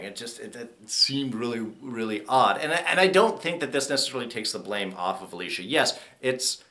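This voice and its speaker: A man talks through a TV episode review in a relaxed, conversational way. His voice is bright and forward. He often slips into quick mock voices to act out lines from the characters. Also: fairly low pitch. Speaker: TV show reviewer. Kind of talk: casual spoken review.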